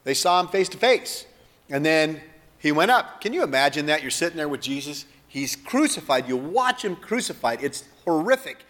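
A man's voice: fairly high pitch, lively intonation, normal speed, fairly bright tone, big-room sound. A male preacher delivering a sermon in a dramatic, emphatic way, often putting questions to his listeners.

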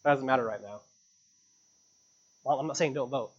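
A man's voice: normal speed, slightly rough, dull audio. Earnest man preaching a sermon. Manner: earnest preaching, pitch and volume rising on emphatic lines. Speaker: pastor. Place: church.

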